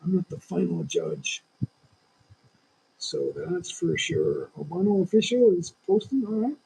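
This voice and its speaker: Over a low-quality recording, a man in his sixties hosts a casual livestream, speaking in an unhurried, expressive way. His voice sits high but sounds dark and husky with vocal fry, and between a lingering cough he rambles opinionatedly to his viewers.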